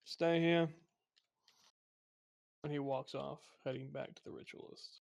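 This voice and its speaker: A man's voice: medium pitch, monotone, brisk, creaky, darkish tone, dull audio. A man narrating a tabletop game as game master, casual and a bit crude.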